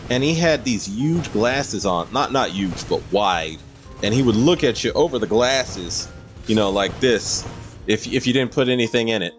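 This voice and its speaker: A man streaming a game and casually chatting through viewer comments in a rambling way. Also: mid-range voice. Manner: rambling, with frequent fillers and laughs. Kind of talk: casual livestream chat, reading viewer comments.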